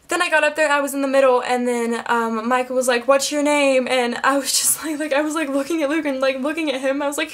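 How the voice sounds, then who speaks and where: A woman vlogger telling an excited storytime, gushing and emotional, close to tears, packed with "like.". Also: high-pitched. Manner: gushing and breathless, heavy use of "like". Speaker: beauty vlogger.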